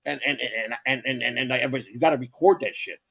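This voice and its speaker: Gravelly, rambling man telling stories. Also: mid-range voice, very fast, fairly bright tone. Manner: rambling, repeats words, swears. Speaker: podcast co-host. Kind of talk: rambling casual storytelling.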